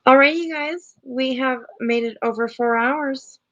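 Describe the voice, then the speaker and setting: A woman's voice: high-pitched, unhurried, fairly bright tone, muffled recording. A middle-aged woman hosting a casual livestream, chatting loosely with viewers, rambling with lots of fillers and frequent laughs. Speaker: livestream host.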